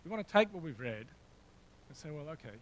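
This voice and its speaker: A man's voice: a little high, big pitch swings, fairly quick, a bit bright, rough recording. A man preaching a sermon in a conversational way, with frequent fillers and asides. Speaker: pastor. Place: church hall with a slideshow.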